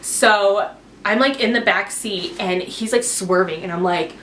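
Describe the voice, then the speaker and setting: The recording comes from an echoey room with a faint hiss or hum. A woman in her twenties, a vlogger, speaks at a measured pace in a medium-pitched, fairly bright voice, rambling through a personal story for her camera with plenty of "like" and "um."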